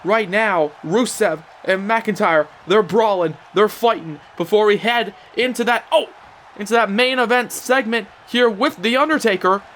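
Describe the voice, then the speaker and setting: A young man giving excitable play-by-play commentary on a wrestling video game, breaking into shouts at big moves. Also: high-pitched, normal speed, slight background noise.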